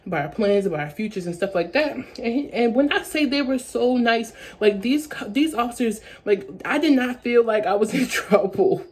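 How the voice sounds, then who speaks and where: A woman's voice: a little high, lively intonation, normal speed, hardly any pauses, darkish tone, breathy edge. A young adult woman telling a story-time vlog in a rambling way, repeating herself with many fillers. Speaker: vlogger.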